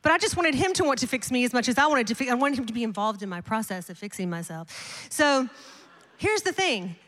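A middle-aged woman pastor preaching a sermon, telling a personal story in an animated, emphatic way with repeated refrains. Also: on the high side, fast talker. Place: large church auditorium. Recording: long hall reverb.

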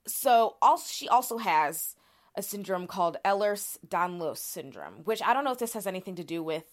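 A woman's voice: mid-range voice, expressive, moderate pace. A woman co-hosting a podcast, explaining cases in a casual, chatty way with plenty of fillers and restarts. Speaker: podcast co-host.

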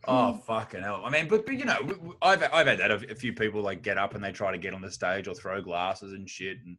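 A man's voice: lowish voice, brisk. A man with an Australian accent, a stand-up comedian guest, telling blunt and crude stories in casual talk. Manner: blunt, crude, animated storyteller.

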